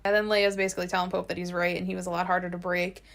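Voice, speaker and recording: A woman's voice: on the low side, level tone, racing, vocal fry, fairly bright tone. A woman co-hosting a podcast, chatting casually as she recaps scenes and reads out lines of dialogue. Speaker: podcast co-host. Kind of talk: casual episode recap chat.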